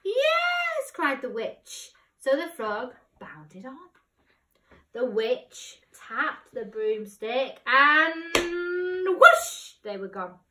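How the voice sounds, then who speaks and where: Expressive woman reading a storybook aloud. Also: a little high, very slow, a little hiss or hum. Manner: expressive, shifting between hushed whispers and loud cries. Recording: roomy, distant mic.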